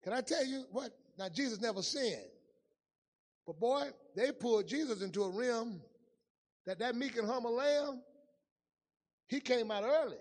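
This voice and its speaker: A male pastor preaching a sermon in a church, telling stories and swinging from loud calls to hushed asides. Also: extremely high pitch, animated, moderate pace, pauses often, big-room sound. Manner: storytelling preacher, swings from loud to hushed, folksy Southern-style grammar.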